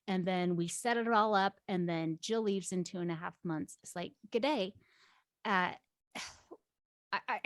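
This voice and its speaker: A woman co-hosting a casual podcast as an agile coach, lively and quick to laugh, with playful asides. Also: medium pitch, dry recording.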